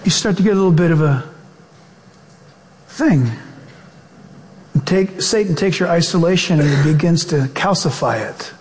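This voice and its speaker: A man pastor preaching a sermon to his congregation, shifting from animated, fast-paced bursts to slow, solemn prayer. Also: a little high, big-room sound. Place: church sanctuary.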